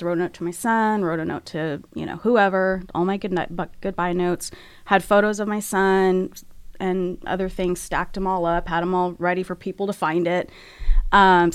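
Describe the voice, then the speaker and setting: A woman speaks as a guest, candidly recounting something painful. Her delivery is frank and halting, and she is close to tears. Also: lowish voice, smooth. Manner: frank, halting, emotional retelling. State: tearful. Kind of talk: candid personal storytelling.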